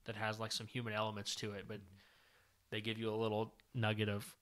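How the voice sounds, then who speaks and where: A man co-hosting a podcast, giving a casual, lively recap of a comic book story with plenty of filler words. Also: on the low side, a little fast. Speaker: podcast co-host.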